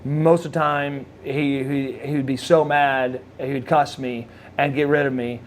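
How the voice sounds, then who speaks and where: A man's voice: mid-range voice, flat delivery, measured pace, a little hiss or hum. A middle-aged man, a former wrestler, telling stories in a rambling way with many fillers and restarts. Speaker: former wrestler, interview guest. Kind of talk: casual storytelling.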